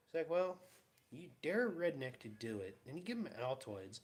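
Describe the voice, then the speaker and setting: A young vlogger tells casual, rambling stories in his home garage, laughing as he goes and acting out the quotes. His voice is a little high and expressive, at normal speed.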